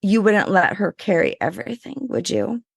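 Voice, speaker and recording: Woman guest, chatty and animated, gravelly edge, mid pitch. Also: normal speed, dry recording, clean studio sound. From Louisiana. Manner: animated, full of "like", acts out voices in her story. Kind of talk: casual interview storytelling.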